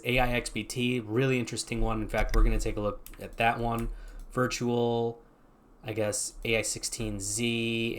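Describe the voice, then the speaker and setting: A man with a lowish voice talks through a screen-share explainer as the channel's host. He thinks aloud and wanders a little as he goes, keeping it relaxed and conversational. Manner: thinking aloud, loose and meandering.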